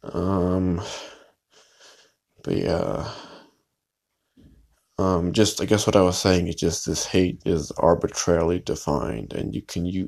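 Deep-voiced man rambling on a podcast. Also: vocal fry, darkish tone. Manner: rambling, hesitant, lots of fillers and restarts. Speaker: podcast host. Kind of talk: solo podcast monologue.

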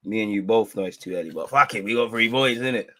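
A man's voice: fairly low pitch, fast talker, pushed and bright, no room sound. A young man, talking to camera in a playful, slang-heavy fan vlog in front of a green screen. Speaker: football vlogger.

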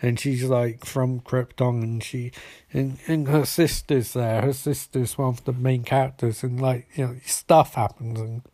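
A man's voice: medium pitch, fairly even intonation, unhurried, warm tone, no echo, studio quality. A man casually recapping a story in a rambling, stammering way, with some swearing.

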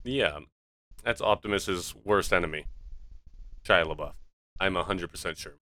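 Male contestant, very low bright voice, cocky jokey banter. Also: unhurried. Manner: cocky, joking confidence. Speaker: game show contestant. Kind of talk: casual banter during a game.

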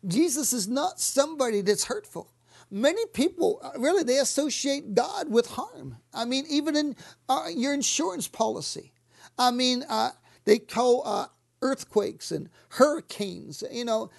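A woman preaching a sermon, fervent, repeating words and dropping to soft whispers on key lines. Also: on the high side, creaky.

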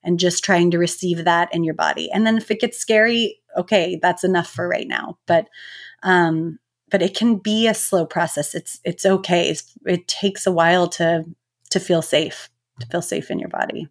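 A woman in her thirties, a mindfulness teacher, talking as a guest in a relaxed, reflective way with lots of filler words. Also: on the low side, normal speed. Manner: reflective, gentle, many filler "likes". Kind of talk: casual interview talk.

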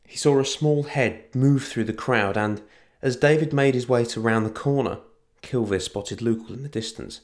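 A man narrating a fantasy story in an even storytelling manner. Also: mid-range voice, normal speed.

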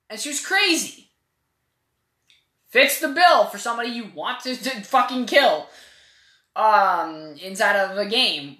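A woman's voice: medium pitch, sharp tone. A woman giving a casual, opinionated spoken game review, rambling and swearing freely. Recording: echoey room.

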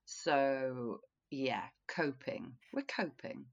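A woman's voice: rumbling low, very slow, highs cut off. A young woman co-hosting a podcast, chatting casually with a self-mocking, easy-laughing manner. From Wales. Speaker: podcast co-host. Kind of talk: casual chat.

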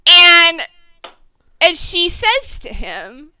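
Woman co-host, bright and forceful, highly animated, swearing freely in a casual chat. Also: extremely slow. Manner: gushing and animated, swears for emphasis. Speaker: podcast co-host. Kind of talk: casual chat, fan recap.

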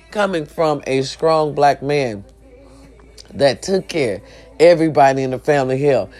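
A woman's voice: sits low, darkish tone. A woman talking casually and earnestly to her viewers, preaching and often checking that they understand her. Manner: chatty and preachy, often asks "you understand me?". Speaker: vlogger. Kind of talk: casual motivational talk to camera.

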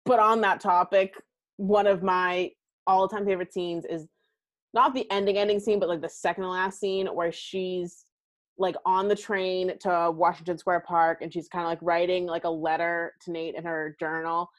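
A woman's voice: fairly low pitch, moderate pace. A young adult woman hosting a podcast, chatting casually and expressively about a movie, filling her talk with "like". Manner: chatty, heavy use of "like", expressive. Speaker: podcast host.

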